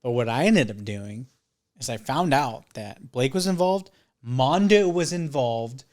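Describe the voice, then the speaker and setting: A man's voice: medium pitch, expressive, unhurried, a little mellow. A man in his thirties telling a long rambling story in casual chat, swearing often and acting out what others said. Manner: profane, rambling, acts out quotes. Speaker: podcast guest.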